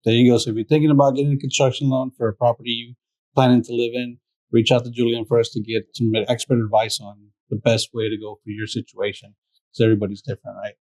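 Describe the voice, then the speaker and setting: A male podcast host with a middle-pitched voice keeps the interview moving. He affirms what his guest says and sums up the advice for his listeners. The sound is dry and close to the mic. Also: flat delivery, fast talker, a little mellow, dry recording, low-quality recording.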